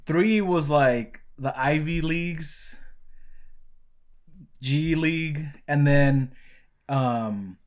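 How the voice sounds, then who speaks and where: A man's voice: fairly high pitch, very slow, long pauses. A young man co-hosting a podcast, loose and profane, explaining things step by step in casual chat. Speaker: podcast co-host.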